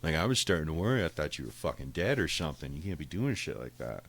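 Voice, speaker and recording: A man's voice: very deep voice, big pitch swings, fast, creaky, fairly bright tone. A man on a podcast telling a rambling, profane story in a casual way, full of swearing. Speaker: podcast host.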